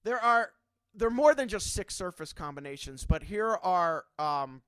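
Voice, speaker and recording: A man's voice: sits high, lively intonation, moderate pace, fairly bright tone, clear, resonant tone, no room sound. A man teaching a drum clinic in a casual, chatty way, checking in often with his students. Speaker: drum instructor.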